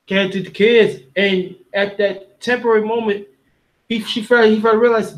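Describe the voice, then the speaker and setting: A panel host from Brooklyn, New York, speaks in a high-sitting male voice at a measured pace. He's emotional, telling a story casually and heartfelt, rambling and restarting many times.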